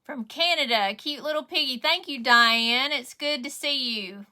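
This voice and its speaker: A woman's voice: high-pitched, measured pace, sharp tone. A middle-aged woman with a Southern US accent, chatting casually on a craft livestream and greeting viewers by name.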